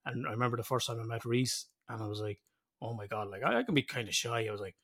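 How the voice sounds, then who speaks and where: A man's voice: medium pitch, quick pace, a bit bright. A man co-hosting a podcast in casual chat, sweary and teasing, laughing often. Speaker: podcast co-host.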